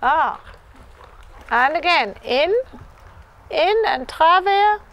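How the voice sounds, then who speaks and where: A woman's voice: high voice, lively intonation, very slow, a bit bright, lo-fi sound. A woman clinician coaching a dressage rider live. She encourages the rider with repeated yeses and chants the horse's rhythm aloud. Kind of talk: live riding lesson coaching.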